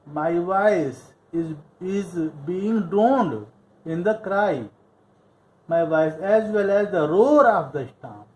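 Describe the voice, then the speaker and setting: A man's voice: sits high, expressive, takes it slowly, poor audio. A male English literature teacher explaining a play line by line, patiently repeating and paraphrasing each line.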